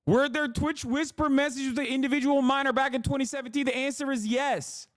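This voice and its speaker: A man's voice: very high voice, steady tone, fairly quick, few pauses, no echo. A man hosting a stream, ranting in casual commentary, profane, incredulous and mocking. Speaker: streamer host.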